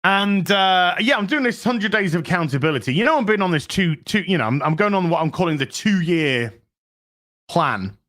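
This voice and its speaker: A man hosting a live stream, talking excitably to his chat, swearing freely as he reacts to the news. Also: sits high, moderate pace. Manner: excitable, swears, chats to viewers. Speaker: streamer host.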